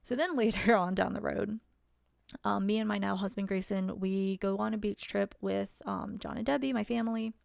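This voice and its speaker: Woman rambling through a storytime, bit of vocal fry, dry close sound. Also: mid-range voice, fairly even intonation, normal speed, a little mellow, no echo. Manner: chatty, wry, many fillers and laughs. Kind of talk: casual storytime monologue.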